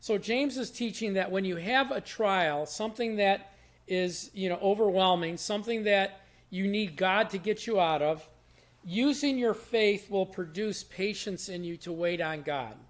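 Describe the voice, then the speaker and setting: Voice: medium pitch, unhurried. Plain-spoken conversational Bible teacher. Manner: plain-spoken, explains verses in everyday words; repeats and restarts phrases while thinking aloud. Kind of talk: short conversational Bible devotional.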